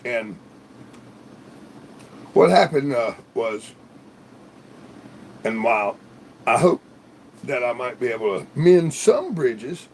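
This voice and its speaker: A man's voice: mid-range voice, lively intonation, slow, pauses often, darkish tone, a little hiss or hum. A man hosting a livestream in casual, rambling chat, swearing freely and laughing often. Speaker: livestream host. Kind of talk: casual live-stream chat.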